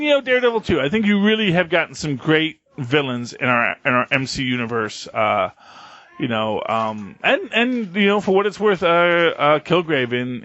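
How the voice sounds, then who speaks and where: This man's fairly high, fairly bright voice comes through with no room sound as he co-hosts a podcast. His casual talk rambles, full of fillers and false starts, on dull, dry lo-fi audio.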